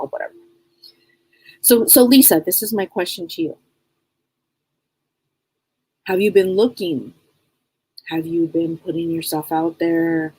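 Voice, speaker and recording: A woman's voice: lowish voice, a little mellow, slightly rough, rough recording. A middle-aged woman hosting a live psychic advice stream, talking bluntly and casually, repeating herself and firing off rhetorical questions. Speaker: psychic reader and show host.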